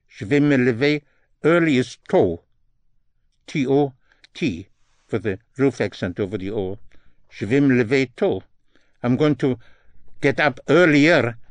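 A man's voice: mid-range voice, dry recording. A man giving a French lesson, saying each phrase in English and French and spelling words letter by letter in a patient, repetitive way. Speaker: French teacher. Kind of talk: slow, deliberate language lesson with spelled-out words.

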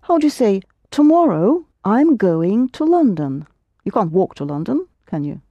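A woman leads a language lesson, coaxing answers from students and repeating each phrase slowly. Her voice is mellow and close, with no room sound around it. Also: medium pitch, sing-song, no room sound, highs cut off. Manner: patient, prompting and correcting, slows for Russian words. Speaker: Russian language teacher.

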